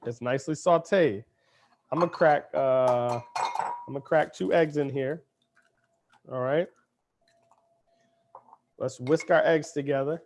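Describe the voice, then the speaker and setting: A man's voice: a little high, takes it slowly, long pauses, a little mellow, a little hiss or hum. Playful chatty chef, a man. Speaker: cooking show chef. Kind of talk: cooking demonstration. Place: kitchen.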